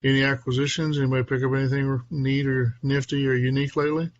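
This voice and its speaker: A man in an average register hosts a relaxed podcast, chatty and upbeat, often breaking into a quick laugh. His voice comes through slightly muffled, like online call audio. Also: mid-range voice, dry recording. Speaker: podcast host. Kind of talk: casual podcast chat.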